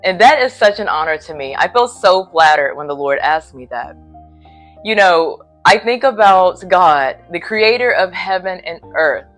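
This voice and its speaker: A woman's voice: lowish voice, expressive, normal speed, a bit bright, faint music behind. A woman preacher telling a personal faith story in a casual vlog from a hotel room, earnest and a little sleepy. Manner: earnest, faith-filled retelling.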